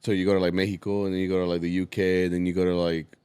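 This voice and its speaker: A man's voice: sits low, little pitch movement, very fast, darkish tone, clear, resonant tone, dry recording. A young man co-hosting a podcast, chatting casually and easily, swearing and slipping into Spanish now and then. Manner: laid-back, swearing, slips into Spanish. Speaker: podcast co-host. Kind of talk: casual chat.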